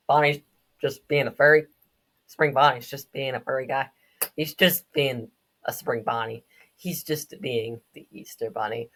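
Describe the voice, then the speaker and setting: A young woman with a notably low voice chats her way through a game's backstory. She drifts easily into joking asides and quick tangents, in a casual, offhand tone. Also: fairly even intonation, a bit bright. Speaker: game lore commentator. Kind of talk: casual commentary.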